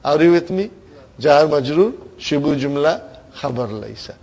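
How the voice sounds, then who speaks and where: Man teaching a grammar class, fairly high voice, stretches key words, phrases fade off softly. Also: lively intonation, low-quality recording. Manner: coaxing, keeps asking "are you with me, brother?"; drawn-out stressed words, trailing off quietly at phrase ends. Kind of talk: online grammar lesson to students.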